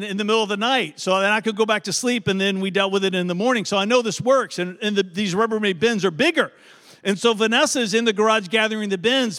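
A middle-aged man preaching a sermon in a lively, conversational way, checking in with the congregation as he tells a story. His voice sits high for a man. The sound carries the long reverb of a large church hall. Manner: animated, conversational, asks "right?" often. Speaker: pastor.

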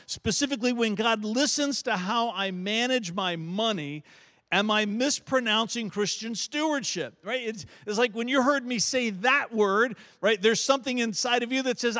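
A man's voice: sits high, sharp tone. A middle-aged man from Virginia with a Southern accent, preaching a folksy storytelling sermon as pastor, restarting and repeating words as he goes. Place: church sanctuary. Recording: long reverb of a large church hall.

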